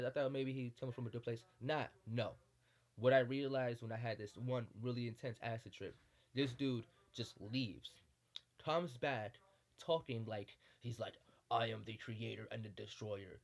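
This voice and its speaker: A man's voice: medium pitch, a little mellow. A man giving a heated, profane monologue, blunt and repetitive, often asking "you know what I'm saying". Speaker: spiritual commentator. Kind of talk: impassioned monologue.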